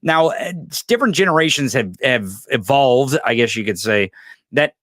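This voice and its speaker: A man co-hosting a casual political chat, plain-spoken and halting, often repeating words as he thinks. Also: medium pitch, expressive, a bit bright, dry recording.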